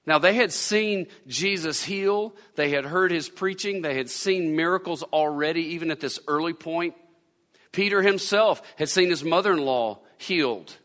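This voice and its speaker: A man delivers a sermon from the pulpit, circling back and repeating lines to drive his point home. His voice is bright and sits slightly high, and it rings out with a long reverb from the church around him. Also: normal speed. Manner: preaching with repetition and rising emphasis. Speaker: pastor. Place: church sanctuary.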